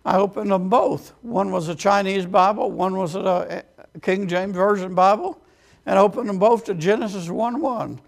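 Man, pulpit storyteller, high and gravelly, amen-heavy sermon delivery. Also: normal speed. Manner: storytelling with frequent amens, acting out quoted voices. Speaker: preacher. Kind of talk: sermon testimony.

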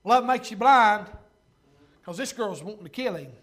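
A man with a strikingly high voice, preaching with fervor. He swings between shouting and quiet confiding, drawing out scripture verses slowly. His asides to the congregation are plain and folksy. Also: lively intonation. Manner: fervent, swinging from loud to hushed, folksy asides; reads scripture slowly and deliberately. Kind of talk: sermon.

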